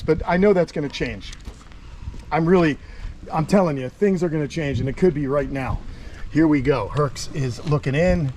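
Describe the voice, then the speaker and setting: A middle-aged man from Long Island hosting a casual vlog outdoors by a tortoise enclosure, rambling and excitable with lots of fillers. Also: on the high side, slight background noise. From Long Island, New York. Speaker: host, tortoise keeper.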